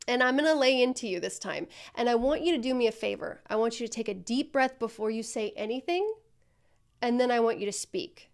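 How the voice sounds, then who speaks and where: A woman's voice: a little high, animated, brisk, vocal fry. A woman coaching a student through customer service role-play, speaking directly and encouragingly.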